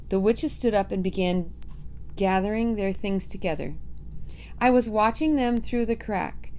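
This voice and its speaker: A woman's voice: mid-range voice, measured pace, mellow, slight background noise. A woman reading a storybook aloud, narrating vividly in the first person.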